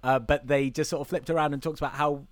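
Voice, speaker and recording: Teasing British man, high voice, dry. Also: steady tone, quick pace, no echo. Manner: teasing, laughs often. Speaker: podcast host. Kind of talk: casual comedic chat.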